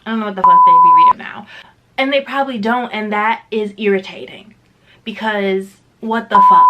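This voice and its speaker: Emphatic, bright-voiced woman vlogger. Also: on the high side, big pitch swings, normal speed, slight background noise, low-quality recording. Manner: candid, emphatic, profane. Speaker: book reviewer. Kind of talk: casual vlog book review.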